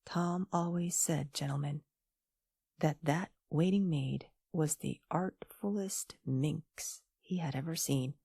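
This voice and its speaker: A woman narrating a classic story for an audiobook in a gentle, hushed, near-whispered voice, close to the microphone. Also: deep voice, slow pace, slightly rough, no echo.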